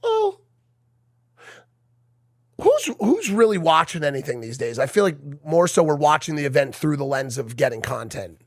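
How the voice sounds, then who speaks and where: Animated young man co-hosting a podcast. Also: a little high, moderate pace, pauses often, no echo, studio quality. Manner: animated, emphatic storytelling. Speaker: podcast co-host. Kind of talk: casual podcast banter.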